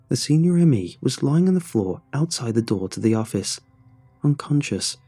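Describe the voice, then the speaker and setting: A man reading a horror story aloud as a narrator, in a tense, hushed storytelling manner. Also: medium pitch, slightly rough. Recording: soft music underneath.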